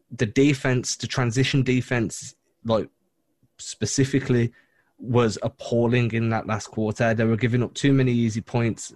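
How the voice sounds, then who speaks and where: A man's voice: mid-range voice, a little mellow, no room sound. A man hosting a basketball podcast, talking bluntly and with frustration about a lost game in casual chat. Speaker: podcast host.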